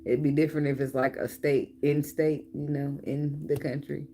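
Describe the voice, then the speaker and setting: Low-voiced, profane woman tarot reader. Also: level tone, moderate pace, dark tone, slight background noise. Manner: profane, laughing, playful banter. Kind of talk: casual tarot reading.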